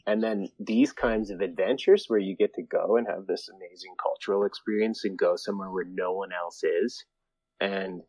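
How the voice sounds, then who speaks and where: Mellow, low-voiced man chatting. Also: moderate pace, no room sound, poor audio. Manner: mellow, easygoing. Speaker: podcast guest. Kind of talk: casual chat.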